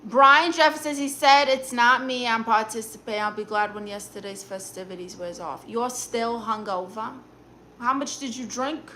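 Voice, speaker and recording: A woman's voice: on the high side, pushed and bright, slight background noise. A woman with a Brooklyn accent voicing a blunt, sassy aunt who reads viewer comments and gives dating advice on a live stream. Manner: blunt, sassy, quick comebacks.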